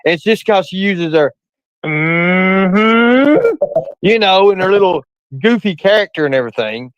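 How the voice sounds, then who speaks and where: Calling into a live stream, this man delivers an unhurried rant in a high, clean voice with lively intonation. He's blunt, profane and defensive, repeating points to hammer them home. The recording is dry and dull.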